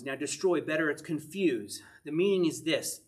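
A husky, slightly high-voiced man teaching a sermon in a conversational way. He reads scripture aloud with rising emphasis, then turns to his listeners with direct questions. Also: expressive, normal speed, hardly any pauses. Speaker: pastor.

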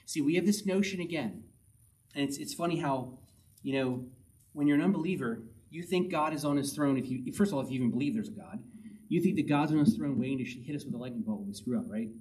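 A man's voice: medium pitch, fast, a little mellow, recorded from a distance, rough recording. A man preaching a sermon in a conversational way, reading scripture aloud and repeating his key points for emphasis. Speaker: pastor.

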